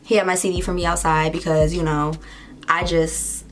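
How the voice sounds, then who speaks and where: A young adult woman vlogger telling a story in casual chat, animated and chatty, with lots of "like"s and playful asides. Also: lowish voice, normal speed. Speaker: beauty vlogger.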